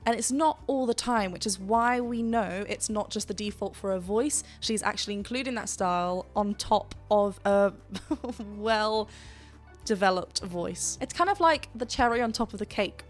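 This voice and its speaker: A woman's voice: medium pitch, measured pace, faint music behind. A woman vocal coach reacting to a song and explaining singing technique in an enthusiastic, explanatory way, laughing often.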